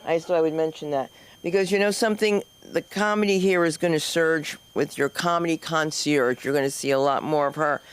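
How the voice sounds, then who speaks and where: A man hosting a comedy open mic, teasing the comics with gruff banter between acts. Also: fairly high pitch, steady tone, brisk.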